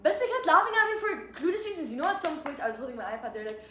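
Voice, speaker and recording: Young female co-host, breathless rapid storyteller, bright high voice, roomy echo. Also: slight background noise. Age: young adult. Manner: rapid, animated storytelling mixing in Arabic words. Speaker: podcast co-host. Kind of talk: casual chat.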